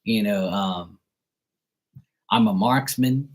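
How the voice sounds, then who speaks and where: Speaking slowly in a lowish voice, a man chats loosely during his live tarot readings. He swears freely, laughs often, and does impressions of how other people talk.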